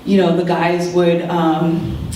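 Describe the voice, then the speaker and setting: A woman's voice: on the low side, slow, slight background noise. Woman telling stories in an echoey hall. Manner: animated storytelling, acting out quoted voices. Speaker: keynote speaker. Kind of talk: storytelling keynote speech. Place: large lecture room. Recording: very echoey hall, distant mic.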